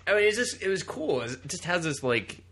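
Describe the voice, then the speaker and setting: A man's voice: high voice, sing-song, fairly quick, a bit bright, husky. A man co-hosting a comic book podcast in crude casual chat, swearing, laughing and acting out voices. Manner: profane, laughing, acts out voices. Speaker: podcast co-host.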